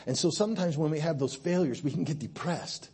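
Male preacher, husky voice, lively slightly high pitch, conversational sermon that drops quiet then builds to emphasis. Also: a little fast. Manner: conversational, swings between hushed and emphatic. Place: church.

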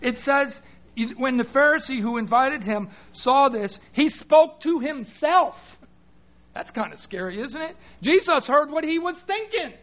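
A man's voice: extremely high pitch, animated, unhurried, lo-fi sound. A man preaching a sermon, emphatic, putting questions to his listeners and often restarting his words. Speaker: pastor.

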